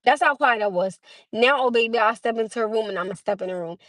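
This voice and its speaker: A woman's voice: a little high, fast, a bit bright, no room sound. A young woman hosting a casual livestream, chatting with viewers, laughing often and greeting them by name. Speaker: livestream host.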